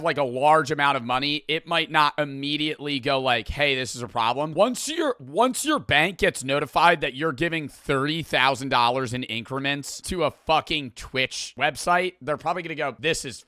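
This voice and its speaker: Brief young male streamer, bright punchy voice, dry close sound, incredulous, laughs a lot. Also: on the high side, moderate pace, few pauses, no room sound. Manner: animated, incredulous, laughs often. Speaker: streamer reacting to a video. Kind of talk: casual reaction commentary.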